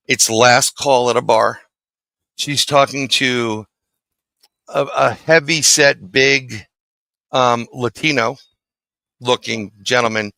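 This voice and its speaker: A middle-aged New man tells a story as an interview guest, acting out each exchange. His voice is gravelly and bright. The sound is dry and close. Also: medium pitch, no echo, poor audio. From New York City. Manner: animated storyteller acting out dialogue.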